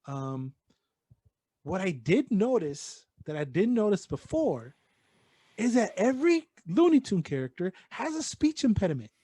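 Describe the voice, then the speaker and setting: A man's voice: sits high, sing-song, a little slow, mellow, husky, no echo. A man co-hosting a podcast, chatting casually and rambling, swearing freely and slipping in bits of Spanish slang. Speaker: podcast co-host. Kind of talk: casual chat.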